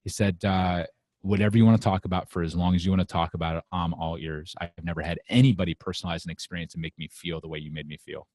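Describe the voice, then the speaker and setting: A middle-aged man, a guest on an interview show, telling a long story fast and with energy, full of fillers like "like" and "uh". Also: low-pitched, steady tone, a little mellow, no echo. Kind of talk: animated storytelling.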